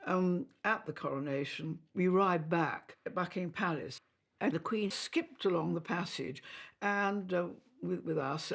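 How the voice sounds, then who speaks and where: A woman in her eighties, a former lady-in-waiting, recalling old memories in an interview with fond, halting storytelling. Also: lowish voice, creaky. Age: 80s. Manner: hesitant, fond storytelling with fillers. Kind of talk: interview reminiscence.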